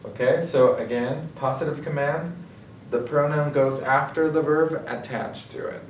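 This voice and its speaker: This Spanish tutor's voice is on the high side, steady and measured as he walks through grammar step by step, frequently asking "okay?". The recorded lesson sounds echoey, with the mic at a distance and a faint hiss.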